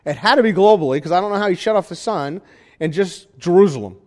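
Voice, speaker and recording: Male pastor, slightly high voice, conversational sermon, asks the room questions, long hall reverb. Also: lively intonation, fast, a little mellow.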